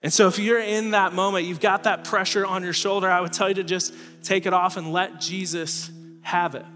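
A man preaching a sermon as pastor, earnest, letting his voice fall low and soft at the ends of phrases. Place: church auditorium stage. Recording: reverberant hall with faint music.

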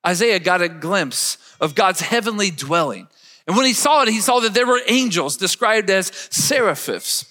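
A man's voice: high-pitched, expressive, normal speed, pushed and bright, in a large hall. A man preaching a sermon emphatically, leading his listeners to repeat words after him. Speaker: pastor.

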